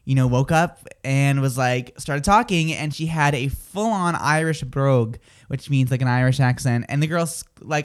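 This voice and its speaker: A man hosting a morning radio show, chatting in a bubbly, fast, self-mocking way. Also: on the high side, expressive.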